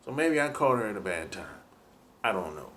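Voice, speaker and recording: A man's voice: lowish voice, very animated, fairly quick, a bit bright, a little hiss or hum. A man giving dating advice in a laid-back, rambling monologue full of "you know".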